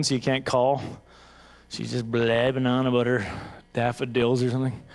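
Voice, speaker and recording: With a creaky, medium-pitched voice, a man works through a self-deprecating, meandering comedy routine from the stage of a banquet hall. He keeps slipping into goofy voices.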